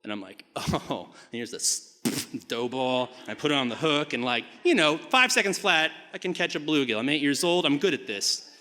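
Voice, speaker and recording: A man telling a personal story on a live stage, animated and rambling with many fillers, swinging from hushed to shouting. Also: a little high, moderate pace. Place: theater stage before a live audience. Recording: hall reverb from a live stage.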